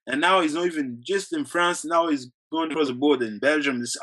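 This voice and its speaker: A man's voice: on the high side, brisk, few pauses, sharp tone, rough recording. A male activist guest in an interview, talking earnestly and at length, with restarts and short laughs between points. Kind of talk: casual interview talk.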